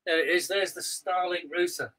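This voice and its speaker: A man with a Scouse accent, chatting on a live stream as co-host, blunt and animated, telling stories with lots of restarts. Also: high voice, normal speed, rough recording. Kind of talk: casual live-stream chat.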